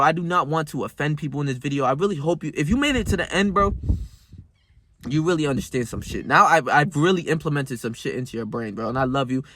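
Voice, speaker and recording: A young self-improvement vlogger with a slightly high, somewhat bright voice talks straight to camera in a casual motivational monologue. He rambles and gets emphatic, swears often, and calls the viewer bro.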